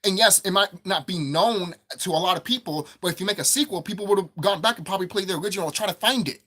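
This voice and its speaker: A gaming commentator speaks fast in a high, slightly bright voice, ranting profanely about video game prices. He repeats himself more and more heatedly as he picks up steam.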